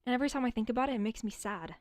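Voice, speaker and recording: A woman's voice: on the high side, lively intonation, racing, no room sound, studio quality. A young woman streaming alone, chatting casually and rambling, swearing often and stuttering at times. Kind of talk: casual livestream chat.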